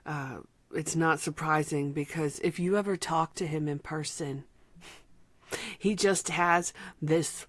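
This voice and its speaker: A woman reviewing an album, speaking from the heart and close to tears, sometimes dropping to a soft whisper. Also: deep voice, steady tone, slow, no room sound. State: emotional, near tears. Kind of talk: emotional personal vlog talk.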